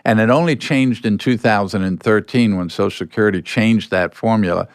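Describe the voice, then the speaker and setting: An older man, a podcast guest, telling anecdotes in a relaxed way and acting out bits of dialogue. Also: on the low side, brisk, no echo, clean studio sound. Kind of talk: storytelling in a podcast interview.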